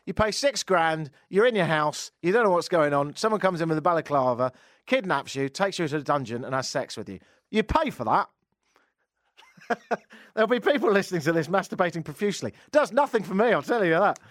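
A male radio host riffs on strange news into a studio microphone. His voice sits a little high and swings up and down with lively energy, and the sound is dry and close. He keeps dropping in sarcastic little jokes between headlines. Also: a little fast, dry recording. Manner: sarcastic, jokey asides. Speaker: radio talk show host. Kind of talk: radio talk show, reading and riffing on odd news.

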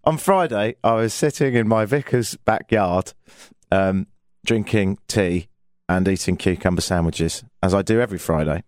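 A man's voice: on the low side, moderate pace, darkish tone, no echo. A man from England with a London accent, co-hosting a casual comedic chat and telling stories with dry jokes. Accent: London English. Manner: dry, joking storyteller. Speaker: co-host.

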